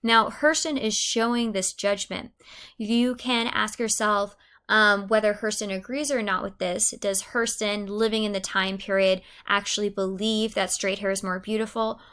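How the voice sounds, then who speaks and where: A woman's voice: medium pitch, fairly even intonation, normal speed, a bit bright, clear, resonant tone. A woman teacher reading a novel aloud and explaining it, posing questions to her students. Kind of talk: literature lesson with read-aloud.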